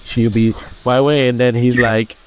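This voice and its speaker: Animated storytelling man on a podcast. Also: mid-range voice, normal speed, a little hiss or hum. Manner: animated storyteller acting out quoted people. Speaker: podcast co-host. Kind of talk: casual chat, storytelling.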